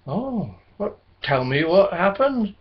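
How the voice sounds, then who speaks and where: A man voicing a cheerful, kindly little male blackbird in a children's storybook reading, gently encouraging. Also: high voice, very animated, slow pace, pitched above the performer's own voice, heavily acted. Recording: dull lo-fi recording.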